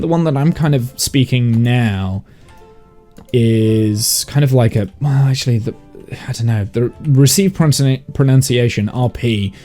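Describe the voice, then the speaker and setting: A man's voice: medium pitch, dark tone. A man from the English Midlands, with received pronunciation and a northern tinge, chatting casually on a game stream and thinking aloud with lots of fillers and restarts. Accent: English, received pronunciation mixed with Midlands/northern. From Midlands of England. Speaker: live streamer reading chat. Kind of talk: casual chat while gaming.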